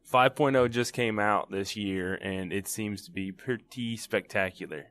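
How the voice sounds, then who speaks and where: A man's voice: lowish voice, a little slow, a bit bright. A man hosting a podcast, asking questions in an easygoing, casual way. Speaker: podcast host. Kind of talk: casual interview chat.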